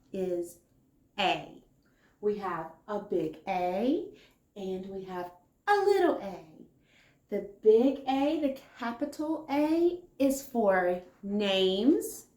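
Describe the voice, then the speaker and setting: A woman leading a kindergarten circle time lesson, speaking slowly and encouragingly as she answers imagined children's replies. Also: fairly high pitch, darkish tone, echoey room. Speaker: kindergarten teacher.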